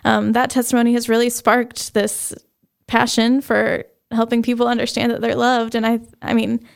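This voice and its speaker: Young adult woman, interview guest; earnest, halting testimony, fairly high and flat, fry under a smooth tone. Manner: earnest, halting, with many fillers. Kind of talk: personal faith testimony.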